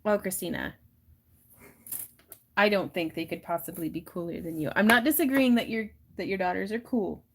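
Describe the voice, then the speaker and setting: A woman's voice: medium pitch, normal speed, gravelly. A woman hosting a crafting livestream, chatting casually and laughing often while she wire wraps. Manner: giggly, chatty, acts out little voices in her stories.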